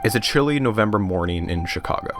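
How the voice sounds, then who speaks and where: Male documentary narrator, lowish voice, measured and dry, over music. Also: lively intonation. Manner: measured storytelling with dry humor. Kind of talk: scripted narration.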